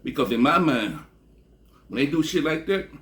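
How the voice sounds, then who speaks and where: A man from Texas telling a long, rambling story in a casual, profane way, often trailing off with a low "man" at the end of a phrase. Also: big pitch swings, normal speed, fairly bright tone. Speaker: vlogger.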